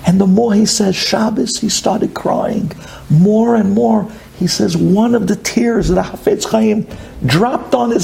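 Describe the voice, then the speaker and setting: A man's voice: high-pitched, gravelly, darkish tone. A man, a religious storyteller, telling a dramatic story and often dropping to intense whispers.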